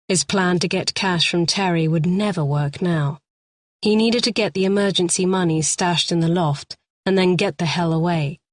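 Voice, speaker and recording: Woman reading a thriller audiobook, lowish voice, tense and steady, dry close mic. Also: dry recording. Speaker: audiobook narrator. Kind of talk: scripted thriller narration.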